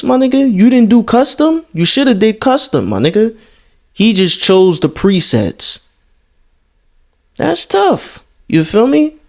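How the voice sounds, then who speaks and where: A man's voice: high-pitched, gravelly, a little mellow. A young man hosting a reaction video, talking loosely in profane street slang and repeating himself as he comments.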